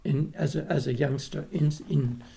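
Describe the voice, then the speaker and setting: Older Australian man with a gravelly voice. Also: on the high side, fairly even intonation, moderate pace, warm tone. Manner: rambling anecdotes with restarts, acts out quoted voices. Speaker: guest, retired opera tenor. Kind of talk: casual storytelling interview.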